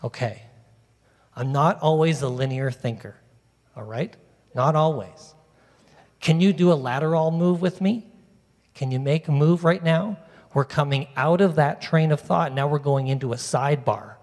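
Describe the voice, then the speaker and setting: Male preacher, chatty and animated with the congregation, slightly high pitch, recorded in a big echoing hall. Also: normal speed. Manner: animated, conversational, talks directly to the congregation. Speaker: pastor. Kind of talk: sermon. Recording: long reverb of a large hall.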